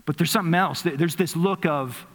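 A man preaching a sermon as a pastor, telling a personal story earnestly, dropping softly into reflective moments. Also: on the high side, a little fast. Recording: long hall reverb.

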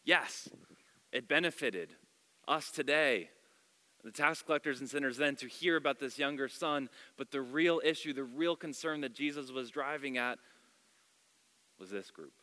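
Expressive male pastor with a bright voice. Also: medium pitch, moderate pace. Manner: expressive storytelling, shifting loud and soft. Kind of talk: sermon. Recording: long hall reverb.

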